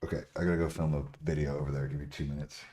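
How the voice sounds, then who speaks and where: Man, very deep voice, blunt, swears a lot, mocking, laughs often, casual stream chat. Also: little pitch movement, very fast. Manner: laughs often, gets louder when riled up. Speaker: bodybuilder streamer answering chat.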